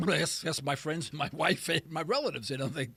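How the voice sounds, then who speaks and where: A man's voice: on the high side, moderate pace, vocal fry, a bit bright, husky, no room sound. A middle-aged man hosting a talk radio show, ranting emphatically and poking fun at himself. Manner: emphatic, ranting, self-deprecating. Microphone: studio mic.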